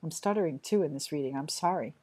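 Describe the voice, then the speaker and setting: A woman talks through a tarot spread for her viewers in a loose, conversational way. Her voice sits a little low. She often stops, restarts and apologizes as she goes. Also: a little mellow. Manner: chatty, halting, apologetic, frequent restarts. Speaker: tarot reader. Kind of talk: casual tarot reading to camera.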